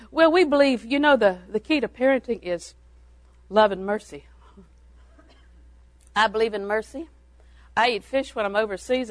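An older woman tells folksy parenting anecdotes to a church audience, chuckling between stories. Her voice is fairly high, and the recording is dry and of poor quality.

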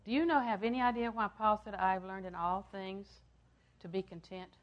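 An older woman preaching a sermon, repeating phrases for emphasis and swinging from loud, emphatic lines down to hushed ones. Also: mid-range voice, fairly even intonation, normal speed, dull audio.

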